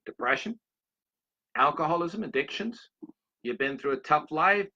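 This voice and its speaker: A man's voice: a little high, lively intonation, normal speed, bright, forceful tone. A man in his sixties giving a motivational talk, rambling through anecdotes and speaking straight to his listeners. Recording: dull lo-fi recording.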